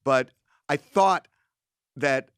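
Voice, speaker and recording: A man in his sixties co-hosting a talk show, telling a story in an animated way and quoting others. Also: mid-range voice, very slow, smooth, no echo, clean studio sound. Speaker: co-host.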